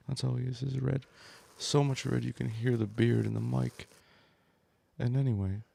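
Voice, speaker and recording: A man's voice: mid-range voice, a little fast, vocal fry, dry recording. A man co-hosting a podcast, rambling through crude, mocking jokes in casual banter. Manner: rambling, crude jokes, mock painting-show narration. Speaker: co-host.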